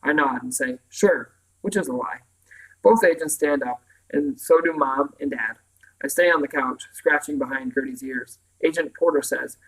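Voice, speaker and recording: A man reading a novel aloud in the first person, telling the story in a calm, even way. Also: on the high side, normal speed, poor audio. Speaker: audiobook reader. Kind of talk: first-person audiobook narration.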